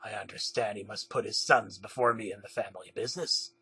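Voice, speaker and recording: A man voicing a grave, respectful male mafia enforcer in a low, measured tone. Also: fairly even intonation, vocal fry, sharp tone, slightly rough, exaggerated voice. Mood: solemn.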